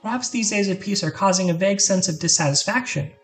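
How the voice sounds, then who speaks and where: A gentle, formal young woman from a video game speaks in courteous, measured phrasing, as a woman voices her. Her pitch sits in the middle, and she stays polite and wistful. Faint game music plays beneath her lines. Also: natural voice.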